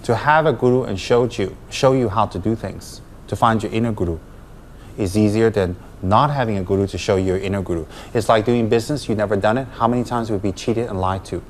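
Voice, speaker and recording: A man's voice: fairly low pitch, fairly quick, a little hiss or hum. A man, a Buddhist teacher, giving a dharma talk to students, emphatic and full of rhetorical questions.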